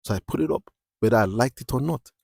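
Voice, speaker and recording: A young adult man hosting a podcast, talking in an emphatic, preachy way and often asking "you understand?", with his voice climbing high when he presses a point. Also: fast, gravelly, darkish tone, no room sound, clean studio sound. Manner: rises sharply in pitch when stressing a point. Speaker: podcast host. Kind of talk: motivational podcast monologue.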